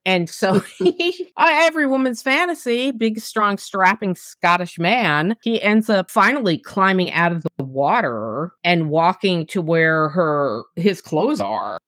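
A woman co-hosting a casual book chat, animated and laughing as she retells scenes. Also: on the low side, unhurried, dry recording, studio quality. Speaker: podcast co-host.

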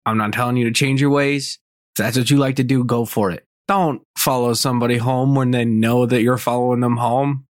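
A man's voice: medium pitch, no room sound, studio quality. A man hosting a podcast, telling a story in a blunt, profane, casual way. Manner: blunt and profane, swears freely. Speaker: podcast host.

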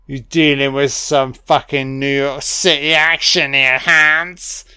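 A drunk man rambling and swearing excitedly through a film commentary. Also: medium pitch, slow pace, few pauses, smooth, no room sound, studio quality. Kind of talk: audio commentary over a film.

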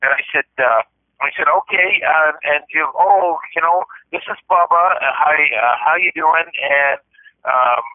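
A man hosting a casual podcast, telling an animated story and acting out the voices of the people in it. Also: a little high, a little slow, dry recording. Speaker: podcast host. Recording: dry tinny phone-like sound.

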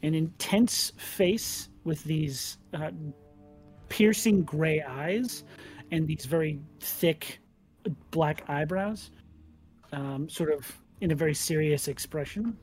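A man running a tabletop role-playing game as game master, describing scenes in an unhurried, detailed way. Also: on the high side, a little mellow, faint music behind.

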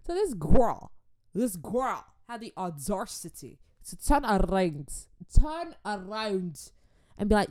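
A woman vlogger in casual chat with her viewers, animated and chatty, dropping churchy exclamations. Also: medium pitch, slow pace, no echo, clean studio sound.

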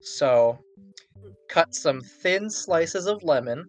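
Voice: mid-range voice, animated, slow pace. Swearing, laughing podcast co-host. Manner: profane, rambling, laughs often. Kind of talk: casual chat.

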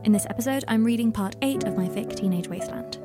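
A woman podcast host reading her fan fiction aloud in a soft, even storytelling manner. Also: fairly high pitch, fast, loud music behind the voice.

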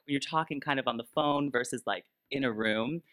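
A man's voice: mid-range voice, brisk, bright, forceful tone. A man who performs as a drag queen, co-hosting a podcast in an upbeat, bubbly, jokey chat before a live audience.

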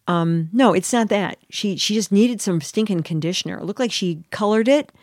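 A woman's voice: mid-range voice, normal speed, dry recording. Chatty woman gossiping in a dry room. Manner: catty, animated storytelling with put-on quoted voices. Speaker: podcast co-host. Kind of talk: casual chat recapping a TV show.

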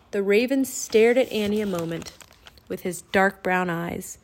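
A woman narrating a children's audiobook with clear, expressive storytelling. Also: medium pitch, unhurried.

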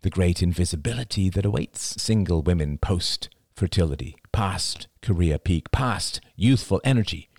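A man narrating an audiobook in a measured, deliberate way, sometimes dropping to a hush for emphasis. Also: low-pitched, animated, slightly rough, no room sound, studio quality.

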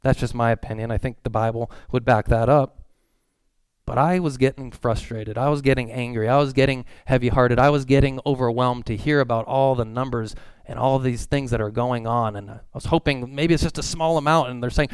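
A man's voice: mid-range voice, fairly even intonation, moderate pace, darkish tone, clean tone, dry recording. Earnest man preaching a sermon. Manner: earnest, pleading, reads scripture aloud. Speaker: pastor.

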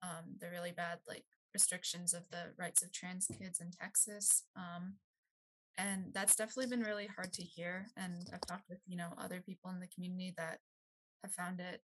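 A woman's voice: on the low side, flat delivery, moderate pace, fairly bright tone, low-quality recording. A woman talking as a guest on a casual podcast, hesitant, with many fillers and light laughs. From Maryland, US. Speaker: guest, youth outreach director.

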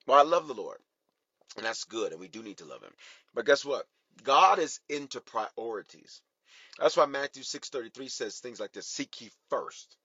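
A man preaching a sermon to an online congregation, swinging between loud and soft, and briefly acting out voices in the dialogues he tells. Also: mid-range voice, husky, dry recording, muffled recording. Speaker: bishop, pastor.

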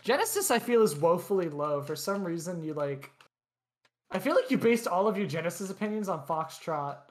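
A young podcast co-host in casual chat. The voice sits at an ordinary middle pitch. The delivery is blunt and opinionated, with dismissive verdicts. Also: lively intonation, a little fast.

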